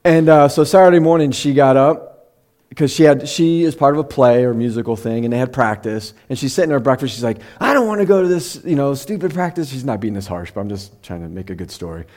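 A middle-aged man preaching in a conversational sermon, who slows down to read scripture and at times gets emotional. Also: mid-range voice, darkish tone. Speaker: pastor.

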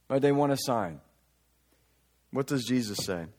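A pastor delivers a conversational sermon, reading scripture and slipping into casual asides. His voice sits on the high side, expressive and quick, swinging between loud, emphatic lines and quiet remarks.

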